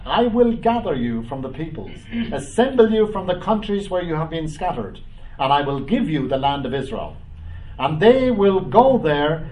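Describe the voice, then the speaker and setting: A man preaching a Bible study, reading scripture aloud and commenting, with frequent "uh" and "um" pauses. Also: a little high, a little mellow, far from the mic, slight background noise, low-quality recording. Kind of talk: bible teaching.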